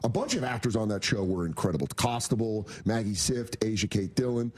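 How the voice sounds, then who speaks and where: A man on a talk show, spinning stories from his acting days with a comic's energy. His voice sits on the low side and has a husky grain. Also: brisk. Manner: animated, laughing storyteller. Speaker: comedian and actor guest. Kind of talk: casual storytelling interview.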